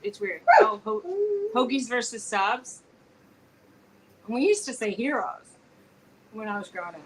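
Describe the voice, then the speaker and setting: Chatty, animated woman, slightly high voice. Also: a little slow, gravelly, a little hiss or hum, rough recording. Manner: chatty, animated storytelling with quoted dialogue. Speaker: co-host. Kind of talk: casual live-stream chat. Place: home.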